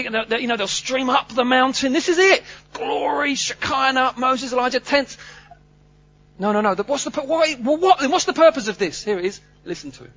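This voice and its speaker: Male preacher, high voice, animated and funny, muffled recording. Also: breathy edge. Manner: animated, humorous, swings between loud and hushed. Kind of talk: sermon.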